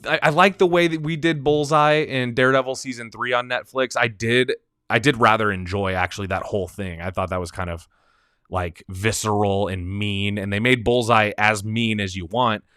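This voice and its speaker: A man hosting a live stream, talking in a casual, animated way. He laughs often and repeats and restarts his words. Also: mid-range voice, dry recording, studio quality.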